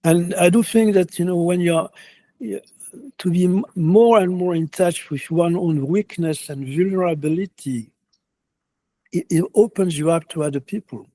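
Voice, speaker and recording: Soft-spoken halting yogi with a mellow voice. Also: male voice, high voice, no echo. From France. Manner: halting, many restarts and fillers, earnest. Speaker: yoga teacher. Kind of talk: reflective interview answers.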